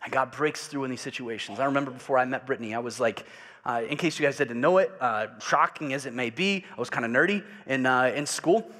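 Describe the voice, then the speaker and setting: A male pastor preaching a sermon, swinging from loud passionate preaching to quiet confiding asides and leading the congregation in call and response. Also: medium pitch, fast, in a large hall. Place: church sanctuary.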